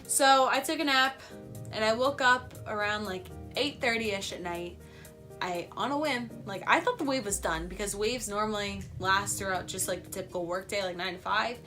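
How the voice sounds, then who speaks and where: Bright chatty young woman vlogger. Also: medium pitch, moderate pace, soft background music. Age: young adult. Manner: chatty, peppered with "like", excitable. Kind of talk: casual storytelling vlog.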